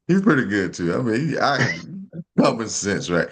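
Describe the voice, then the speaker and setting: A man's voice: fairly low pitch, slow pace, long pauses. A middle-aged man co-hosting a podcast in casual chat, laughing a lot, loose and playful, with folksy slang. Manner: laughing, animated, Southern-tinged slang. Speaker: podcast co-host.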